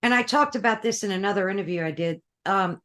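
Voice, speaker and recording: A woman's voice: mid-range voice, fast, a bit bright. A woman hosting an interview, asking short questions and agreeing with her guest. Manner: brief affirming interjections and questions. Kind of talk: conversational interview.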